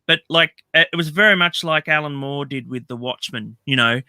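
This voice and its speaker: A man's voice: a little high, normal speed, bright, forceful tone, dry recording. A man hosting a casual chat about films, rambling, laughing often and acting out quotes. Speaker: podcast host.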